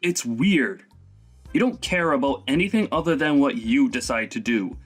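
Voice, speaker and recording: A man playing a young husband who lays into his overbearing mother, his tone stern and reproachful. He speaks in an ordinary mid-range voice, with soft music underneath. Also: medium pitch, expressive, moderate pace, natural voice. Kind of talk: voiced animated story drama.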